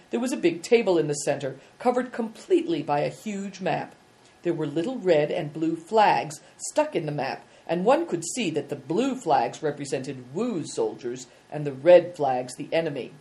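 Brief: female audiobook narrator, deep-toned, calm measured delivery. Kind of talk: audiobook reading.

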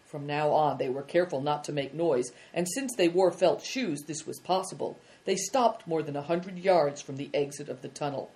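A woman narrating a children's story in a measured, expressive reading. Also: sits low.

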